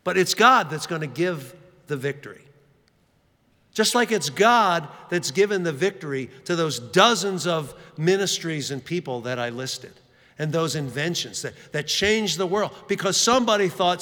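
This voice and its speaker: A man's voice: on the high side, normal speed. Preacher guy telling a funny story on himself, lots of uhs, big reverb-y church room. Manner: animated, self-mocking anecdotes with many fillers. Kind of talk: storytelling sermon. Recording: long reverb of a large hall.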